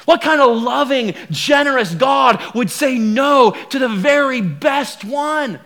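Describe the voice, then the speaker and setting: A man's voice: very high voice, animated, takes it slowly, fairly bright tone, full character voice. A male preacher voicing a sly, scheming serpent who wheedles and exclaims in disbelief. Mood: incredulous. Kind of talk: sermon storytelling.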